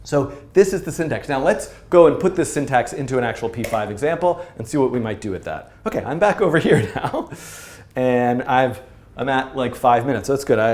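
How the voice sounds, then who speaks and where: A man's voice: medium pitch, a little mellow. A man teaching programming at a whiteboard in a casual, playful, self-mocking way, thinking aloud as he explains. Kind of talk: informal coding lesson at a whiteboard. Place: studio room with whiteboard. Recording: roomy echo.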